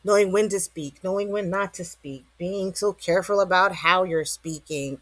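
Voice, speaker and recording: A woman's voice: fairly low pitch, normal speed, no room sound. Woman vlogger, casual slangy motivational rant, close dry mic. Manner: slangy, rambling, rhetorical questions.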